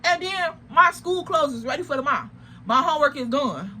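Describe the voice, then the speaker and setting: High, bright-voiced young woman telling a story. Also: brisk, slight background noise. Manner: animated, slangy, emphatic retelling. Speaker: vlogger. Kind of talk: casual storytime.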